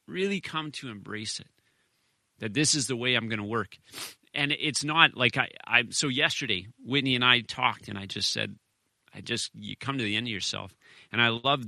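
A man's voice: mid-range voice, sharp tone, no room sound. A man in his thirties preaching a personal, earnest sermon, often restarting his sentences with short laughs. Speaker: pastor.

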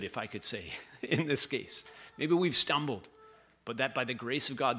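A man's voice: medium pitch, measured pace, bright, forceful tone, breathy edge. A man preaching a sermon this morning, reading verses and breaking off for casual asides and corrections. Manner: conversational preaching, reading scripture with restarts and asides.

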